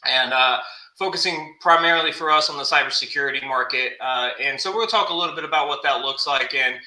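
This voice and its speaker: A man speaking as a guest on a live web show, measured and businesslike. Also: mid-range voice, bright, forceful tone, reverberant, poor audio. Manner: measured, businesslike, many fillers. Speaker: guest, consulting firm co-founder.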